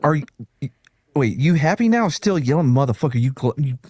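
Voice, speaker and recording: Crude joking man with a lively voice. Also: a little high, fairly quick, slightly rough, no echo. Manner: joking, crude, interrupts, laughs often. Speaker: podcast co-host. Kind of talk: casual banter.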